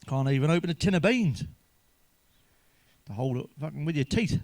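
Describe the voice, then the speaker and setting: A man's voice: fairly high pitch, lively intonation, normal speed, a little mellow, no echo. A man telling crude jokes in a sweary monologue, chuckling at his own punchlines. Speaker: stand-up comedian.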